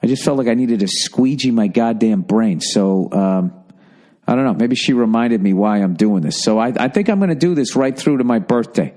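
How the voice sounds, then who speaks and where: A man's voice: medium pitch, lively intonation, moderate pace, warm tone. A man in his forties hosting a solo podcast, talking in a rambling, sarcastic and profane way. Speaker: podcast host. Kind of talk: casual solo podcast monologue.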